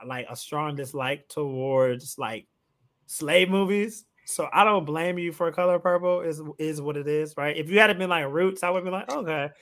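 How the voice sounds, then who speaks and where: A man hosting a casual podcast interview, playful and animated, with eager interjections. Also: fairly high pitch, moderate pace. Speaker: podcast host.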